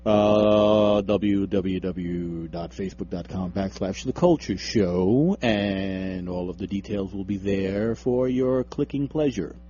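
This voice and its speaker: A man's voice: low-pitched, slow, few pauses, dark tone, slight background noise. A young man co-hosting a radio show, bantering casually and teasing his co-host with frequent laughter. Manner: joking, teasing, laughs often. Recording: dull lo-fi radio stream.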